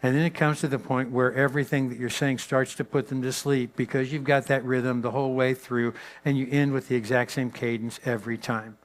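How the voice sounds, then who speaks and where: A man giving a leadership talk to pastors as a guest speaker. He tells stories with lively swings in pitch and loudness, and drops to a soft, slow voice for emphasis.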